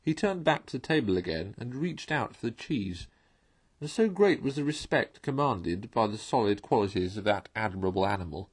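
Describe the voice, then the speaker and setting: A man's voice: medium pitch, slightly rough. A man reading a children's storybook aloud, narrating expressively.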